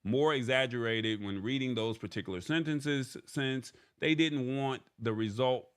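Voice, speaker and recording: A man's voice: mid-range voice, a little slow, clear, resonant tone. A man hosting a live tech show, reading from an article and paraphrasing it in casual chat, tagging his points with "all right?". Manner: chatty, repeats "all right?" often.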